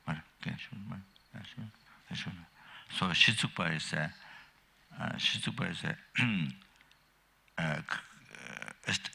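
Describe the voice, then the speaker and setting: An older man giving a Dharma teaching as a Buddhist teacher, speaking in a halting, rambling way with many fillers and restarts, and coughing often. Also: deep voice, gravelly, bright, forceful tone, slightly rough.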